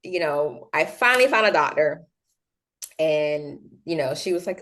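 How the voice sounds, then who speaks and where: A young woman speaks with a slightly low voice in a relaxed interview. She tells her story in a chatty, animated way, full of fillers, and acts out the other people in it. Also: a little slow. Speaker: guest.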